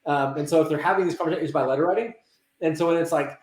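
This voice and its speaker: A man talking in a casual interview about working with teens. He acts out quoted dialogue in lively voices and often restarts his sentences. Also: fairly high pitch, racing. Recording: roomy echo.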